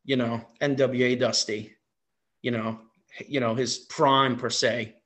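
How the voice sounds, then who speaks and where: Excitable man telling a story. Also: medium pitch, measured pace. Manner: excited, repeats himself with fillers. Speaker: guest, wrestling impersonator. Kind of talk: casual storytelling.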